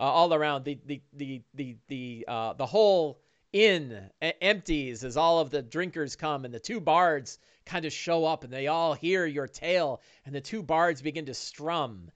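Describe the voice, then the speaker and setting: A man's voice: a little high, lively intonation, normal speed, a bit bright, clean tone, lo-fi sound. A man narrating a tabletop game as game master, rambling with many restarts. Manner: rambling, with frequent fillers and restarts.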